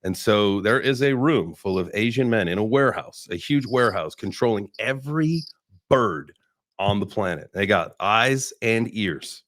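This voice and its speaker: A man hosting a casual group chat, telling rambling stories with quick asides. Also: on the low side, lively intonation, fairly bright tone, dry recording. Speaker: host.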